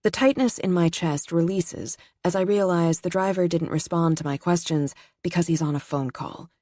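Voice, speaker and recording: A woman narrating a first-person audiobook in a measured, steady reading voice. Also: fairly low pitch, dry recording, studio quality.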